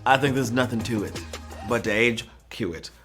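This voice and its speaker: Male trivia host, playful and teasing, with a bright, forceful voice and soft music under him. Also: moderate pace. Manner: goofy and teasing, bursts into high squeals and sung bits. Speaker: trivia game show host. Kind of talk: live-streamed trivia hosting, playful banter. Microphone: phone.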